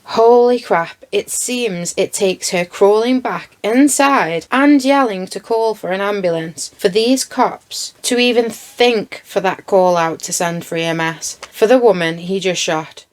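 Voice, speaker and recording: A woman's voice: mid-range voice, a little slow, hardly any pauses. A woman giving blunt, indignant commentary over video footage and swearing freely. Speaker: true crime commentator.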